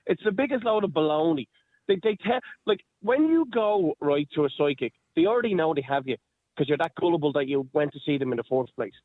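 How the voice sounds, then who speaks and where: A man's voice: on the high side, animated, fairly quick, no echo. An Irish man calling in to a radio show, blunt and cynical, swearing as he talks. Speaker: caller. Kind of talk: radio phone-in chat. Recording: phone line.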